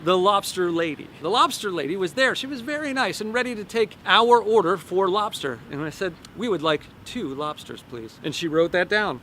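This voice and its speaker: A man, a life coach, telling an animated, folksy story to camera outdoors and drawing a lesson from it. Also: high voice, a little hiss or hum. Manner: animated, folksy, with repeated phrases.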